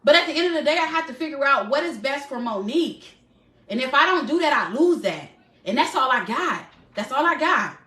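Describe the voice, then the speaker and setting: Earnest, emphatic woman, high bright voice. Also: animated, fairly quick, reverberant. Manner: earnest, emphatic, repeats phrases for stress. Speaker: live-stream host. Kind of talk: heartfelt live talk. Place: her home.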